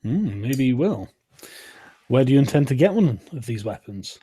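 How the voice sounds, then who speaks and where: A very old, frail blind hermit, put on by a man running a tabletop game, drawling each word slowly and unbothered. The tone is soft and mellow, a little husky, and never rushed. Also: medium pitch, big pitch swings. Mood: unhurried. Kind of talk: tabletop game role-play.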